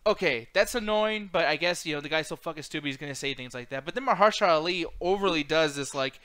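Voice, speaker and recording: Bright-voiced ranting man. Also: fairly high pitch, fairly quick, clean tone, no echo. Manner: animated, profane, ranting. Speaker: podcast co-host. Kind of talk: casual movie review chat.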